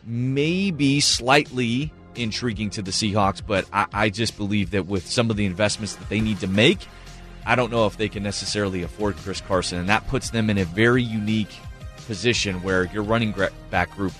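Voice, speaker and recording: A man's voice: on the low side, normal speed, fairly bright tone, faint music behind. A man co-hosting a sports radio show, giving earnest, opinionated takes on team moves with some fillers. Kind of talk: sports radio analysis and banter.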